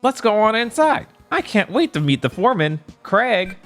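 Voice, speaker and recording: A man voicing an eager young boy fox sidekick, excitable, for a game playthrough. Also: normal speed, faint music behind. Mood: excited. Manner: excitable, high and chirpy.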